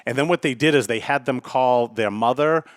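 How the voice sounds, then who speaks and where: A man talks through a solo podcast in a blunt, casual style. He keeps checking in with a quick "right?" and swears freely, at a middle pitch. The recording is dry and close. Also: no echo. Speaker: podcast host.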